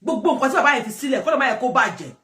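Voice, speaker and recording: A woman with a Nigerian accent giving lively, rambling commentary, often repeating herself. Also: high-pitched, racing. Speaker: commentator host. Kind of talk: casual commentary mixing English and Yoruba. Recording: distant echoey room.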